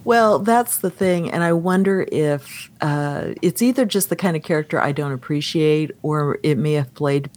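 A podcast co-host talking casually about an old film, giving a thoughtful, measured critique. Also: mid-range voice.

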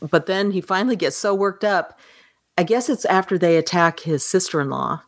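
A woman with a low voice, recorded dry and close. She talks through a film in relaxed podcast chat, lively, and slips into the characters' voices when she quotes them. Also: moderate pace, no room sound. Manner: animated, acts out quoted lines. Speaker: podcast co-host. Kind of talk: casual film discussion.

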